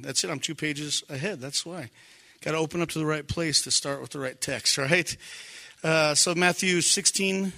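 Middle-aged male pastor, high bright voice, casual and animated sermon, bursts of shouting. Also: creaky. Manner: conversational, animated, shouts for emphasis.

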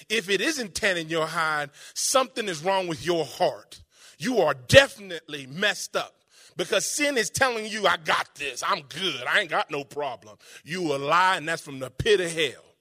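A man with a high, bright voice preaching a sermon. He talks to the congregation like a conversation, then slows right down to lean on every quoted verse. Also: expressive. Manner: emphatic, conversational preaching with dramatic pauses and slowed quotes.

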